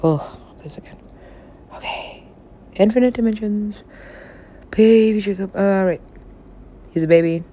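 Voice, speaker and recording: A woman's voice: mid-range voice, a little slow, long pauses, mellow. A young woman chatting casually and rambling about stories she has written, laughing often and swearing freely. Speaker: writer describing her own stories.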